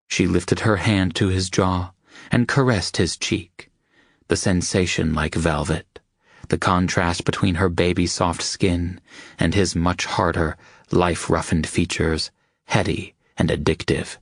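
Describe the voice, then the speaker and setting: A man with a very low voice reads an audiobook in a steady, even way. The recording is dry and close. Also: measured pace, no room sound. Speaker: audiobook narrator. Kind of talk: scripted narration.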